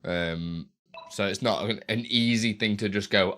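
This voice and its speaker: A man's voice: lowish voice, measured pace, bright, forceful tone. A young man live-streaming, chatting casually with viewers while he tinkers with his setup, often tripping over and repeating his words.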